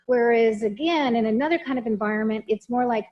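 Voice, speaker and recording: A woman's voice: fairly high pitch, a little fast, hardly any pauses, highs cut off. A woman trainer giving a conversational lecture, frank and emphatic, often putting questions to her listeners. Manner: lively, talks straight to the audience with questions.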